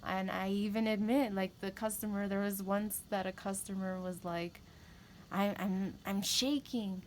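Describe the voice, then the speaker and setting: A woman's voice: medium pitch, darkish tone, slight background noise, poor audio. A woman giving a tarot reading, talking candidly and rambling, with emphatic repeats. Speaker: tarot reader. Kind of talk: casual spiritual talk to camera.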